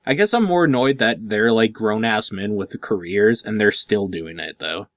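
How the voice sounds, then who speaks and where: A man in his thirties hosting a podcast in casual chat, blunt and quick to swear. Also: on the low side, expressive, dry recording, clean studio sound. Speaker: podcast host.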